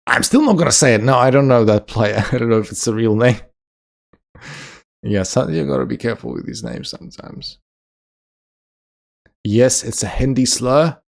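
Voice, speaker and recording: A man streaming live and chatting casually with his viewers, reading their comments aloud and answering them. His voice sits at an ordinary pitch with a gravelly, creaky texture. He jokes around and laughs often. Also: lively intonation, normal speed, long pauses. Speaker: chess streamer.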